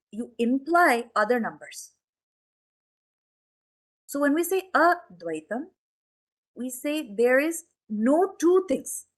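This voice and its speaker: A woman spiritual teacher giving a conversational discourse, full of questions and asides to her listeners. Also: fairly high pitch. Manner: chatty, questioning, many asides to the audience. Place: temple hall.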